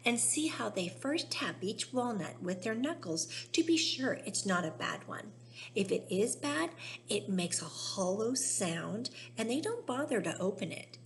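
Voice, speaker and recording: A woman voicing an eccentric, excitable male candy maker who eagerly explains things in a storybook reading. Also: mid-range voice, unhurried, slight background noise. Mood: explaining.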